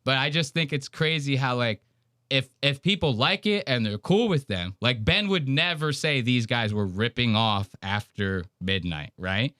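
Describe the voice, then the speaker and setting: A man riffing on a podcast in casual, profane banter. His pitch swings widely as he mocks and jokes. The sound is dry and close to the mic. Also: unhurried, no echo. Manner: animated, swearing, mocking. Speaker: podcast co-host.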